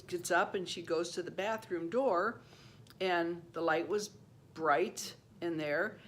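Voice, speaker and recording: An older woman in her seventies with a somewhat low voice tells a personal story at her own loose pace. She rambles, doubles back and repeats phrases, and when she quotes someone she slips into their voice, going high for a child. A faint hiss sits under the recording. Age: 70s. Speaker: channel host.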